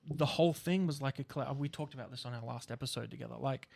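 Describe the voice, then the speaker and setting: A man's voice: medium pitch, fast talker, creaky. An Australian man, an actor guest on a podcast, chatting casually and animatedly, acting out other people's lines and swearing freely. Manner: animated storyteller who acts out quoted voices and swears freely.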